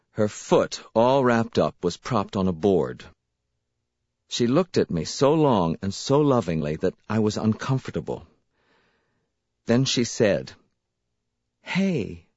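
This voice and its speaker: A man reading a first-person story as an audiobook narrator, expressive and unhurried, in a slightly dull, dry recording. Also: fairly low pitch, no echo.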